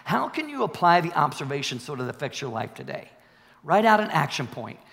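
A male pastor's fairly high, sing-song voice, slightly bright and touched with vocal fry, moves a little fast through an emphatic sermon. Speaking in a church sanctuary that echoes like a large hall, he repeats key phrases and calls for the congregation's response.

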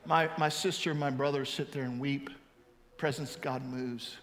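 A pastor in his fifties preaching a storytelling testimony, swinging from loud to hushed. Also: mid-range voice, steady tone, normal speed, slight background noise. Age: 50s. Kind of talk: sermon. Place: large church hall. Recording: reverberant hall, faint ambience.

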